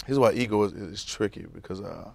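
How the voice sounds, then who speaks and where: A man preaching a sermon, moving from low musing to loud fervent preaching and calling out to the congregation. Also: fairly quick, gravelly, husky, no room sound. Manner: calls out to the congregation.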